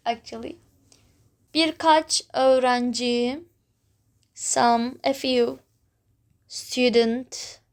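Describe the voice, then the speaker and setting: High, slow female teacher, patient and repetitive, walking beginners through pronunciation. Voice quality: non-native English, simple phrasing with small grammar slips. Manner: patient, repeats words several times, drawn-out pronunciation examples. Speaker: Turkish language teacher. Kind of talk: slow explanatory language lesson.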